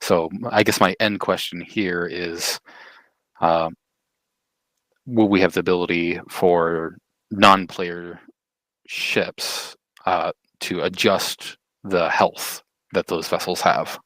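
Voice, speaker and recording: A man from a gaming community asking the guest a careful, measured question over a voice call. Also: sits low, steady tone, a bit bright, no echo. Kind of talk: casual conversation.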